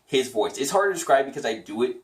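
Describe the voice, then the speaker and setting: A man's voice: medium pitch, sing-song, fast, distant mic. A man teaching voice impressions in a casual, chatty tutorial, upbeat and often laughing. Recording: roomy echo, away from the mic.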